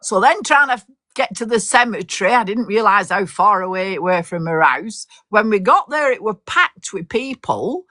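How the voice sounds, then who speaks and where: A woman's voice: fairly low pitch, fairly bright tone, no room sound, studio quality. An older woman, telling a long story in casual chat, swearing mildly and laughing often. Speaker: host.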